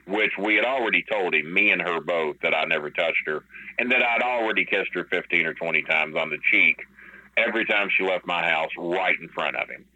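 A man's voice: low-pitched, fairly quick, pushed and bright, lo-fi sound. A man telling a long story as a podcast guest, rambling and profane, with many fillers. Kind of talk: casual storytelling.

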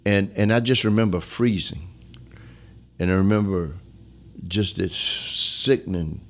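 Mężczyzna w średnim wieku z akcentem z Luizjany, z bardzo niskim głosem, opowiada szczerze i z namysłem w wywiadzie. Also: male voice, a little slow. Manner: earnest, reflective, drops to a low hush when emotional. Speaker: former police chief, guest. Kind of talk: candid storytelling interview.

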